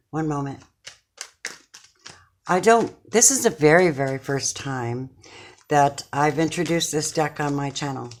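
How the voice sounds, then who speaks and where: A middle-aged woman giving a casual tarot reading to her viewers from her chair at home, talking in an effusive, affectionate, chatty way. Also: low-pitched. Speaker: tarot card reader.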